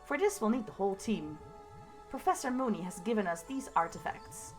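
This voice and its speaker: A woman voicing an upbeat, pushy town mayor in a game who talks in a brisk, self-pleased way. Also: medium pitch, expressive, faint music behind, lightly acted.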